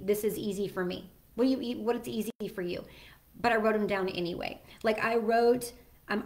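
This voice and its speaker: Earnest woman host, casual direct-to-camera chat, mid-pitched voice, loose and chatty. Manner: chatty and earnest, with many ums and self-corrections. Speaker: host sharing personal advice. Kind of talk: casual solo talk to camera.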